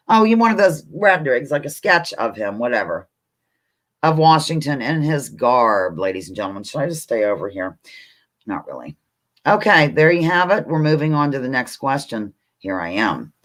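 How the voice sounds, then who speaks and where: A woman hosting a live trivia stream from her computer, chatting with viewers and reading answers aloud. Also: sits low. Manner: chatty, narrates her own actions, excitable. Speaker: livestream host running a trivia game. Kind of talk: casual live-stream chat.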